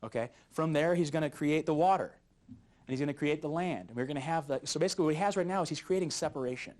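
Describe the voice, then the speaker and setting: A man teaching a youth Bible study lesson in a jokey, animated way, often chuckling at his own jokes. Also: fairly high pitch, fast talker.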